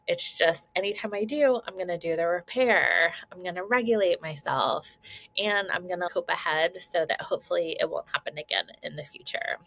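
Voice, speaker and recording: A woman's voice: on the low side, a bit bright, no room sound. A woman parenting coach giving casual advice to camera, chatty and laughing often, checking in with listeners as she goes.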